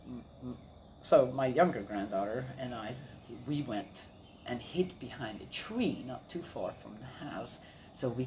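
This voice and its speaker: With a bass voice and background noise behind her, a grandmother tells family stories in a casual personal chat. Her storytelling is warm and rambling, sprinkled with laughs and repeated fillers.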